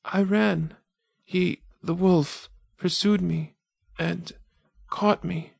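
A man's voice: high-pitched, fairly even intonation, drawn-out words, gravelly, breathy edge, no echo, studio quality, pitched above the performer's own voice, heavily acted. A man voicing a frightened young village girl who is dying, speaking in weak, faltering gasps. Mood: gasping, pleading. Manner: gasping, faltering breaths. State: weak and fading. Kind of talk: audiobook character voice.

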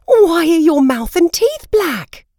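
Storybook daughter, high and inquisitive, woman reader doing the voice; lively lilt, dry close read. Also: slow pace, no echo, exaggerated voice. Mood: puzzled. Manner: high, bright questioning voice. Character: young daughter Iris, curious and skeptical.

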